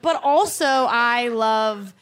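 A woman guest with a fairly high voice jokes playfully on a live show. She laughs often and mocks herself, with clear noise audible behind her. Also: takes it slowly. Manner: giggly, playful, self-mocking. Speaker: guest comedian. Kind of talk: live comedy bit. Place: stage before a live audience.

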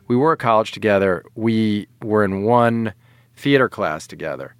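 A man's voice: lowish voice, normal speed, clean tone, no echo. Upbeat male podcast host. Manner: upbeat, plugs the show eagerly. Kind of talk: casual podcast interview.

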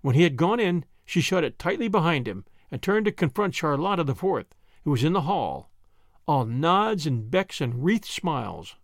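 A man's voice: fairly high pitch, big pitch swings, moderate pace, no room sound, studio quality. A man narrating a classic story and hosting a podcast, reading expressively. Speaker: audiobook narrator and podcast host.

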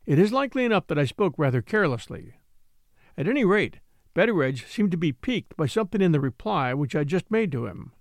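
A man reading a classic novel aloud as an audiobook narrator, in measured storytelling. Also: a little high, very animated, no room sound, studio quality. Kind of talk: scripted narration.

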